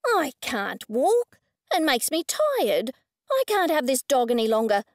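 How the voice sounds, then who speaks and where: A woman's voice: high-pitched, big pitch swings, a little slow, no echo, clean studio sound. A woman voicing a snappish, demanding dog owner. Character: rude overbearing middle-aged woman dog owner.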